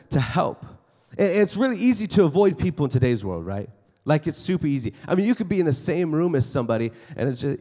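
A man with a slightly raised pitch talks to a room of students in a chapel sermon. He stays casual and conversational and acts out little scenes in quoted voices. A long reverb from the chapel hangs on his words. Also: mellow. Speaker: chapel speaker.

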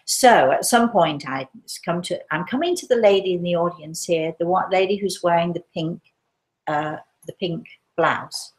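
An English woman with a fairly low voice narrates a story live as a medium. She tells it in a conversational way and slips into a soft, hushed voice for her own quoted words. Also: moderate pace, rough recording. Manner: drops to a hushed, gentle voice when quoting herself. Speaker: spiritualist medium.

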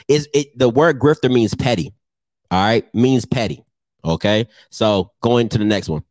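A man's voice: lowish voice, unhurried, darkish tone, no room sound, clean studio sound. A man vlogging casual comedic roasts of his commenters, teasing and laughing often.

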